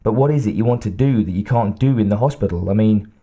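A loyal detective fretting over his hurt partner, earnest and concerned. A man voices him in an audiobook reading, low and mellow in tone. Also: fast talker, slightly rough. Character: worried male police detective, loyal family man.

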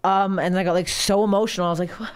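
Woman host talking quick, excitable, lots of swearing, mid pitch. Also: a loud crowd. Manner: excitable, swears freely, restarts. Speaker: podcast host, comedian. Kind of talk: casual chat.

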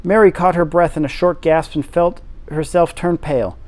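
A man reading a classic novel aloud, steady with occasional slips. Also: on the high side, normal speed. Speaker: reader.

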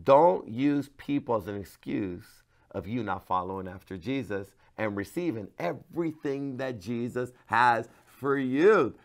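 Passionate pastor swinging hushed to loud. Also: male voice, mid-range voice, animated, unhurried, few pauses. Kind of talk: devotional sermon to camera.

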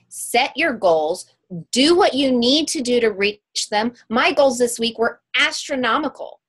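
A woman's voice: a little high, expressive, measured pace, fairly bright tone, slightly rough. A woman giving an emphatic, motivational talk on online sales during a webinar. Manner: emphatic, upbeat pep-talk delivery.

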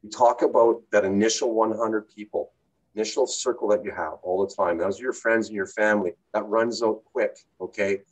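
A middle-aged man giving an energetic, repetitive motivational talk as a sales coach, punctuating his points with "okay?". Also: lowish voice, brisk, low-quality recording. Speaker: network marketing coach.

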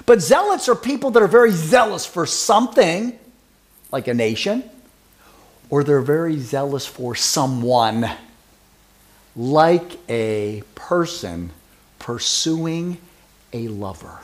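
A man's voice: fairly high pitch, expressive, takes it slowly, pauses often. A man preaching a sermon who asks his congregation questions and teases members by name. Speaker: pastor.

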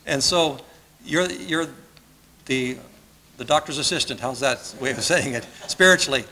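A man's voice: mid-range voice, measured pace, sharp tone, rough recording. A man preaching a sermon as pastor, earnest and conversational, often repeating his phrases. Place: church sanctuary.

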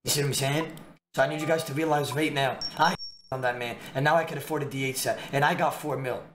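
A man streaming a game, giving excitable, slangy trash-talk commentary with sudden shouts. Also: medium pitch, fast. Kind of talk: live gameplay commentary. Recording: echoey room with clear background music. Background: background music.

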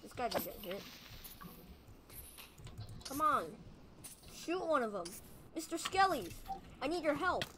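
A woman giving casual gameplay commentary as a video host, excitable, pleading with and scolding creatures in the game. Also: sits high, measured pace, long pauses, a little hiss or hum. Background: background music.

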